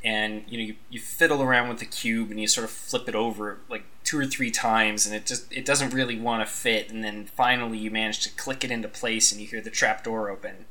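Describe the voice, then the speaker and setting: A man's voice: lowish voice, fairly even intonation, a little fast, few pauses, bright, forceful tone. A man narrating a tabletop game as game master, rambling and hedging with lots of "sort of".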